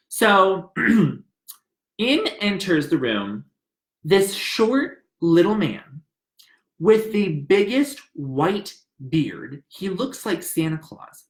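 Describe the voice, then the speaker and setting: Chatty man telling a personal story. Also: on the high side. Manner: chatty and animated, acts out dialogue. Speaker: narrator. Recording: roomy echo.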